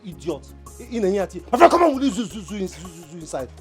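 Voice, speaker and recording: An actress playing a furious woman who scolds and threatens her man in a shouting voice. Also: mid-range voice, sing-song, fast, soft background music, close to an everyday voice. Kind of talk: film drama acting.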